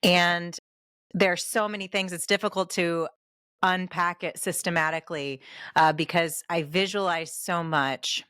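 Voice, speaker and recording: A woman with a low, deep voice hosting a podcast interview, recorded close and dry with no room sound. She speaks reflectively, building long, considered points. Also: steady tone, a little slow, fairly bright tone, clean tone, dry recording. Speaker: podcast host. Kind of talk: conversational interview.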